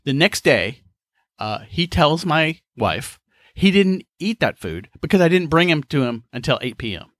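A man with a bright, forward voice that swings up and down as he tells a rambling story. He swears freely and sounds exasperated, chuckling as he goes, and the sound is close and dry with no room around it. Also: on the high side, big pitch swings, normal speed, no room sound. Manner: profane, laughing, exasperated. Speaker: podcast host.

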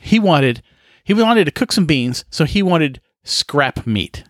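A man's voice: a little high, very animated, takes it slowly, no room sound, studio quality. Exasperated, profane man in his fifties. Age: 50s. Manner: exasperated, profane storytelling with frequent laughs and sighs. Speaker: podcast host. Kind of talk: casual solo podcast monologue.

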